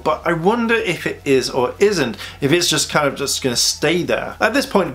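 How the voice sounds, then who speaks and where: A man's voice: fairly high pitch, fairly bright tone. A man with a slightly raised voice, chatting casually as he reviews a comic book. He rambles through the story with lots of fillers and hedges, sounding keen about it. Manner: rambling, filler-heavy, enthusiastic retelling.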